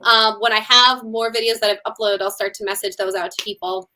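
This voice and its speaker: A woman's voice: medium pitch, fairly even intonation, a little fast, bright, forceful tone, slight background noise. A woman who is a musician, chatting casually as an interview guest, with lots of ums and likes. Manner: chatty, many ums and likes, laughs often.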